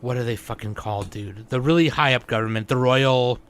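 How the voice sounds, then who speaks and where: A man's voice: mid-range voice, brisk, a crowd in the background. A man on a casual podcast, retelling scenes loosely with lots of swearing and acted-out quotes. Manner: loose, profane, acts out characters' lines. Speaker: podcast co-host.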